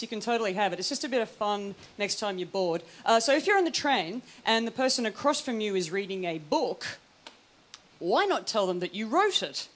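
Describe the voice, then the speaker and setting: A woman's voice: on the high side, a little hiss or hum. An Australian woman performing a stand-up comedy set, chatty and rambling with plenty of ums. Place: TV studio stage before a live audience. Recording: loud studio audience laughter.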